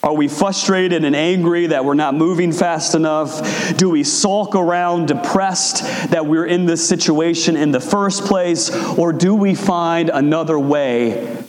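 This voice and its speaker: A man preaching a sermon in a conversational way, acting out quotes with big swings in pitch. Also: unhurried, darkish tone. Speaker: pastor. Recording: echoey hall with long reverb.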